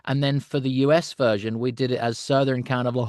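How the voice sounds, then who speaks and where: A man's voice: medium pitch, brisk, few pauses, darkish tone, no echo. A middle-aged man chats easily in an interview, telling stories with lots of energy, laughing often and breaking into character voices. His voice sits in a mid register and is recorded close and dry. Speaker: voice actor, guest. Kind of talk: casual interview chat.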